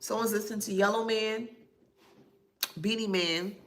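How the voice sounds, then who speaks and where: A psychic reader speaks to camera, reciting names and places she claims to hear and spelling certain ones letter by letter. Her mid-range voice is a bit bright, with fairly even intonation at a moderate pace.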